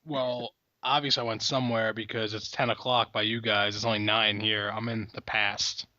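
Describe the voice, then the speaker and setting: A man's voice: fairly low pitch, level tone, moderate pace, sharp tone, no echo, dull audio. A man co-hosting a comedy podcast from a hotel room, rambling and swearing freely in casual chat. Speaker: podcast co-host. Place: hotel room, calling in remotely.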